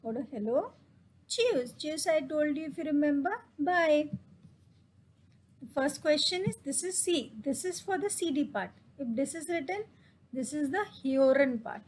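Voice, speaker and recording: A woman teaching a casual German lesson in English, reading German phrases slowly and explaining each one. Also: high voice, animated, slight background noise, rough recording.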